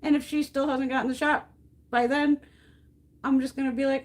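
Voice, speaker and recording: A middle-aged American woman hosts a beauty livestream, chatting casually while depotting makeup. Her voice sits high with a level tone and normal speed, and she rants bluntly with plenty of swearing.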